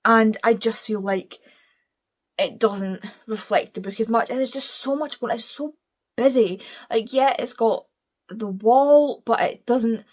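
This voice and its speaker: A woman's voice: on the high side, unhurried, a little mellow. A British woman talking casually as a book reviewer, opinionated and gushing, with playful self-deprecating apologies. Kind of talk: casual chat.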